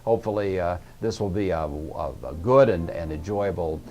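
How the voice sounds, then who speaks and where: A man's voice: low voice, moderate pace, darkish tone. A middle-aged man teaching a recorded language lesson, patiently talking himself through each step of an exercise. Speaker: Greek teacher. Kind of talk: recorded lecture walkthrough.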